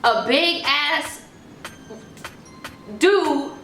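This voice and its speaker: A young woman vlogger telling a story in a casual, profane, animated way. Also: sits high, extremely slow. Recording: echoey room, faint music.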